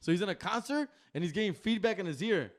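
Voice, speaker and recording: Fast-talking excitable high-voiced man. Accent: Chicano English. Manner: fast, excitable storytelling, swears freely. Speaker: podcast co-host. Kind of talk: casual chat.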